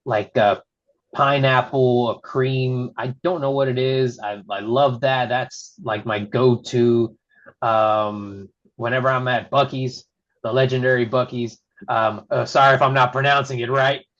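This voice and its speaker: A man's voice: medium pitch, dull audio. A man who works as a wrestling referee, chatting casually as a podcast guest and laughing often while he tells stories. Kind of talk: casual storytelling chat.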